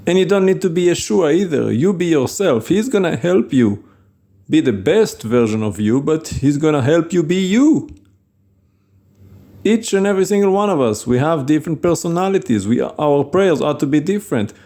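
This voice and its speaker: A man's voice: fairly high pitch, animated, normal speed, warm tone. A man preaching an informal sermon in an earnest, plain-spoken, conversational way.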